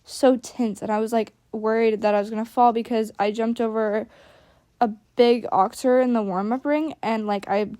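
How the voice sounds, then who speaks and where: Young woman rambling about her own riding, lots of "like", kinda high voice, dry close mic. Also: steady tone, moderate pace, mellow, no room sound. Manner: chatty and self-critical, with many "like" fillers. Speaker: equestrian vlogger. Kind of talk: casual voice-over commentary.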